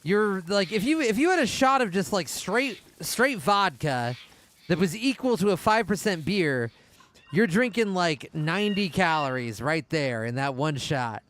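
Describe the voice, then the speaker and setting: Casual male gamer, high and very animated, talkative and profane. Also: unhurried, slight background noise. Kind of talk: casual chat while gaming.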